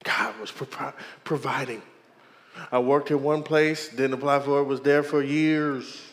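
A man's voice: medium pitch, fairly even intonation, measured pace, in a large hall. A man, preaching a sermon as a pastor and calling out to the congregation as he tells his story.

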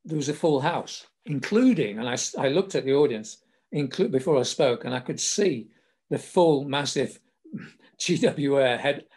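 A man's voice: medium pitch, animated, normal speed, a little mellow, husky. An older man from England hosting a podcast, telling wry anecdotes in a casual storytelling way. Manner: wry, self-deprecating humour. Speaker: podcast host.

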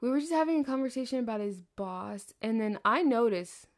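A young Southern woman rambles through a personal story in casual monologue, cursing and laughing as she goes. Her voice carries a gravelly, fried edge. She trails off, restarts and drifts between asides. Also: on the high side, expressive, brisk. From American South. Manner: chatty, profane, laughs often, trails off. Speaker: podcast host.

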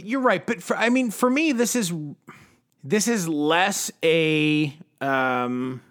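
A man's voice: fairly high pitch, slow pace, fairly bright tone. A man co-hosting a casual movie chat, with dry, sarcastic remarks. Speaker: podcast co-host.

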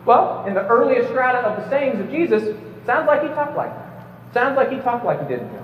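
His voice is very high and very animated, and he talks a little fast while delivering an emphatic prepared debate speech before a live audience. He lectures with light jokes and the odd stumble. Slight background noise, a distant mic, and an echoey hall leave the sound slightly dull.

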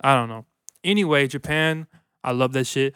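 Male podcast co-host, bright crisp voice, crude laid-back joker, dry close sound. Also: mid-range voice, moderate pace, no echo. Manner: crude, joking, laid-back with lots of fillers. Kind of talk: casual podcast banter.

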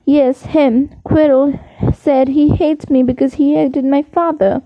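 A woman's voice: high-pitched, steady tone, takes it slowly, no echo, muffled recording. A woman reading the part of an earnest, curious young boy wizard in an audiobook, asking questions in a pleading way.

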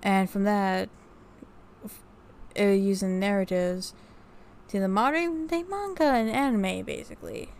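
A woman vlogger chatting casually to her viewers at a slow, easy pace. Her voice sits at an ordinary middle pitch. She rambles, restarts sentences and leans on fillers while relaying what she has read. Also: gravelly, a little mellow. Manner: unhurried, reading notes off research. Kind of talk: casual talk to camera.

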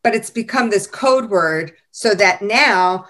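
A woman in an easygoing chat, telling school stories and laughing often. Her voice sits at a middle pitch, and she talks with her co-hosts in a relaxed, lively way. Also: slow pace. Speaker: teacher podcast host. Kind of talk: casual chat reading teacher stories.

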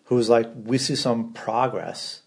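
A man's voice: mid-range voice, slow, vocal fry, breathy edge. Guy hosting a podcast, laid back, swears a bit, keeps cheering the guest on. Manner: casual, swears, interjects encouragingly. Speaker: podcast host. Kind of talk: casual podcast conversation.

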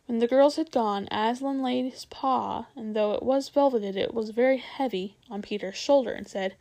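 Gravelly woman reading a storybook. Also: a little high, steady tone, darkish tone. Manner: unhurried, with small slips and restarts.

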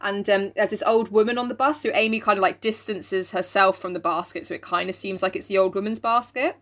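A young woman co-hosting a podcast, retelling a story in a chatty, giggly voice. Her pitch sits mid-range, and she keeps the story rolling with plenty of ums and asides. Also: fairly even intonation, a little fast, a bit bright. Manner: chatty, giggly, full of fillers. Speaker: podcast co-host. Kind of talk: casual chat, retelling a story.

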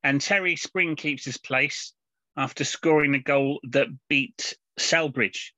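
A man's voice: mid-range voice, slow, sharp tone, no room sound. A man co-hosting a casual podcast, rambling along with plenty of fillers and restarts. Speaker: podcast co-host. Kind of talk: casual chat reviewing comics. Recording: dull lo-fi podcast audio.

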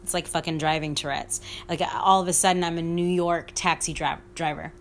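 A woman's voice: sits low, steady tone, a little fast, a little hiss or hum. A young woman hosting a solo podcast in casual chat, rambling, swearing freely and laughing at herself. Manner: rambling, profane, self-mocking, laughs often. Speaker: podcast host.

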